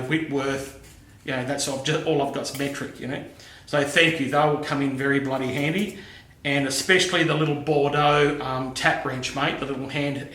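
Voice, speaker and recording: A man's voice: a little high, bright, forceful tone, reverberant. A middle-aged Australian man chatting casually to camera in his home workshop, friendly and matey, calling people "mate". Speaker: machining YouTuber.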